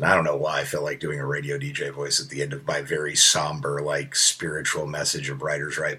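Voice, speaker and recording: A man's voice: a bass voice, flat delivery, brisk, hardly any pauses, sharp tone, husky. A man hosting a solo podcast, talking in a casual, earnest and rambling way with self-deprecating asides. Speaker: podcast host.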